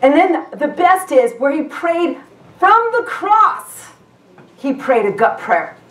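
Very animated and a bit bright, this woman's high-pitched voice moves slowly through a sermon. As guest pastor in the sanctuary she speaks conversationally, restarting sentences and asking the congregation questions. The recording is echoey and distant.

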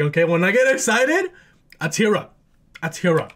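A man hosting a music video reaction, excitable and swearing freely, talking to himself and squealing when thrilled. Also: high voice, fast. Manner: talks to himself aloud. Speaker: reaction channel host. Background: faint music video playing.

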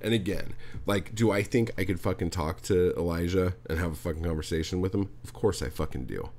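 Deep-voiced and darkish in tone, this man talks briskly as a podcast host launching into a heated, curse-filled rant. It's a profane monologue aimed directly at the listener, whom he addresses as "dude."

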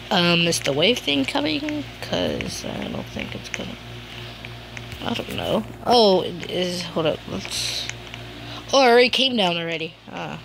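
A woman giving casual gameplay commentary, excitable, humming little tunes and yelping and shouting at other players. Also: on the low side, a little slow, creaky, music in the background. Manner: hums and sings little tunes while playing. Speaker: gamer.

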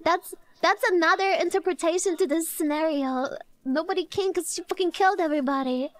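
A young woman streamer reacting in casual talk, excitable, stammering, laughing often and swearing a lot. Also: extremely high pitch, a little fast, no echo, studio quality.

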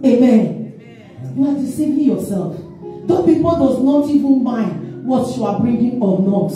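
Recorded from a distant mic in an echoey church hall with faint music behind her, a woman evangelist preaches in call-and-response style, asking questions and answering them herself. Her voice is fairly high-pitched and animated, a little slow, with a dark tone.

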